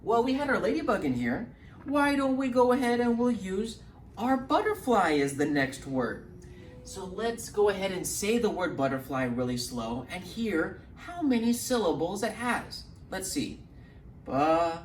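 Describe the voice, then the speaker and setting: A man leading a children's storytime lesson as a librarian, encouraging and animated, talking slowly and clearly for little ones. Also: high voice. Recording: roomy, distant mic, faint hum.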